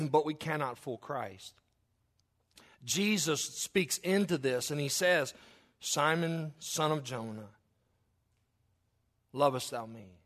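A middle-aged man preaching a sermon, earnest and apologetic, growing louder when he stresses a point. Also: on the high side, expressive, takes it slowly, pauses often. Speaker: pastor.

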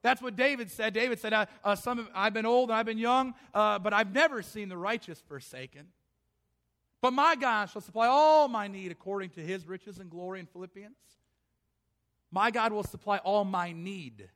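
A middle-aged pastor delivers an impassioned sermon in a high, bright voice. He often acts out the voices of the people in his story, shifting between them and his own preaching. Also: normal speed.

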